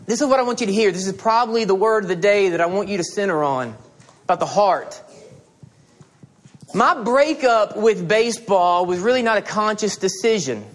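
Animated high-voiced male preacher. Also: moderate pace. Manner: animated storytelling, acting out dialogue. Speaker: pastor. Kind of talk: sermon.

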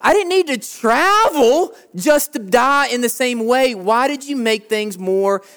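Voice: medium pitch, expressive, unhurried, fairly bright tone, voice pushed up. A preacher acting out complaining, sarcastic Israelites in a sermon, in a whiny, exasperated voice. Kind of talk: acted quote in a sermon.

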